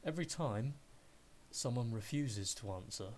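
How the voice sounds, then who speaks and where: A man's voice: medium pitch, animated, moderate pace, a little mellow, slight background noise. A man running a tabletop game as game master, describing scenes in a hesitant, filler-laden way.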